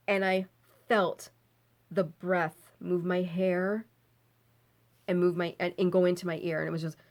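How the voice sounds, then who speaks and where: Woman telling a spooky personal story. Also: fairly low pitch. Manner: animated, laughs often, swears when recounting fear. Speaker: vlogger. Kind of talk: casual storytelling.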